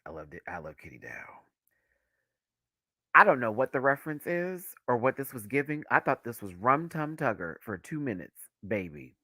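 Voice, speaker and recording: Campy man with a lively, swooping voice. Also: normal speed, dry recording, studio quality. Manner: animated, campy, laughs often, swoops high and low. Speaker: YouTube reviewer. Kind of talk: live review chat.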